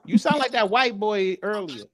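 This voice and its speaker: A fairly high-voiced man hosts a casual talk show with loud, teasing humor. His voice sounds dry and close, with no room around it. He jokes and jabs at his co-host in a fast, lively back-and-forth. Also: no room sound. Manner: loud, joking, teasing banter. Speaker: podcast host. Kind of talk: casual comedic chat.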